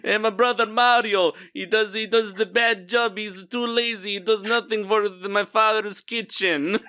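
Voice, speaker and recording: Dude doing a cheesy fake italian chef accent, bragging, pitched up. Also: male voice, fairly even intonation, normal speed, sharp tone, smooth. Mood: boastful. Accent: exaggerated mock Italian. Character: boastful middle-aged Italian chef man.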